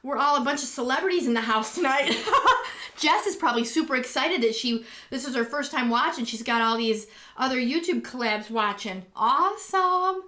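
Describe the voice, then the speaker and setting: A woman's voice: a little high, fairly quick, hardly any pauses, sharp tone. A woman hosting a casual live stream, chatty and rambling with lots of ums and restarts, gushing when she greets viewers, talking from home. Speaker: live stream host and acrylic pour artist. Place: home, indoors.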